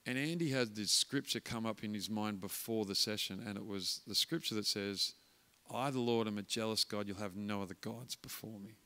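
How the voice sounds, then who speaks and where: A man's voice: on the low side, normal speed, sharp tone, clean tone. A man preaching a guest sermon, telling a story and acting out the voices of its characters. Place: church hall. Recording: church hall reverb.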